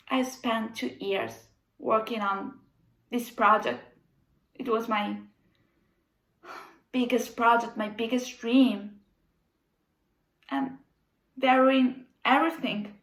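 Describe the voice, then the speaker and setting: A woman's voice: high-pitched, slow, long pauses, fairly bright tone, reverberant, low-quality recording. A woman playing a frantic melodramatic young organizer. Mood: distraught. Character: distraught young woman organizer, overly dramatic. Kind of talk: comedic video-call sketch. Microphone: video call.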